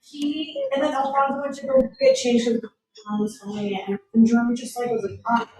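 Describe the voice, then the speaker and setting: A woman's voice: a little high, fairly quick. A woman, an actress and teacher, chatting casually and acting out quoted dialogue as she tells an anecdote. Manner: animated, acts out quoted dialogue. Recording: echoey room, far from the mic.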